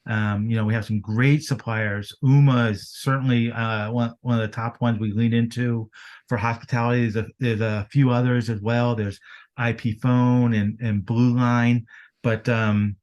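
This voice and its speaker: A man talking business as a podcast guest, energetic and fond of rhetorical questions. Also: mid-range voice, normal speed, dull audio. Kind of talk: casual business chat.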